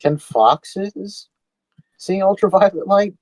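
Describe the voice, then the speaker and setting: A man's voice: sits high, expressive, takes it slowly, darkish tone, no room sound. A man playing in a tabletop game, easygoing and wondering aloud. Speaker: player.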